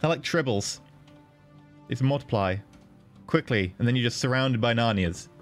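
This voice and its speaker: Lively, chatty man streaming a game. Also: normal speed, faint music behind. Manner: chatty, playful, thanks viewers, bursts into high excited pitch. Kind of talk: casual livestream commentary.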